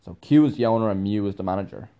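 Low-voiced man telling a rambling story. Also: racing, warm tone, clear, resonant tone. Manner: rambling, laughs often, peppered with "like". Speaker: podcast host, musician. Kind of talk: casual storytelling monologue.

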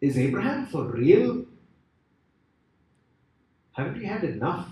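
A man preaching a sermon with an expressive, rising and falling delivery and many rhetorical questions. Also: high-pitched, slow pace. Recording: echoey hall from far off.

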